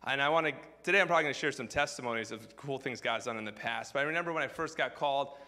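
A man's voice: mid-range voice, very fast, pushed and bright, big-room sound. A man preaching a sermon, telling a personal story in a casual, filler-heavy way. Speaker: pastor.

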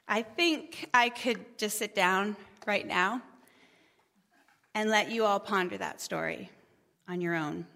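Bright-voiced woman telling a parable. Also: medium pitch, slow, vocal fry, pauses often. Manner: chatty, warm storyteller with gentle humor. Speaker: speaker at a church gathering. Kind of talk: storytelling talk.

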